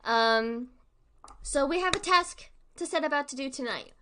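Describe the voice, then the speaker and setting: A woman's voice: high-pitched, expressive, normal speed, sharp tone, slight background noise. A young woman streaming live, chatting casually and rambling, laughing often between thoughts. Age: young adult.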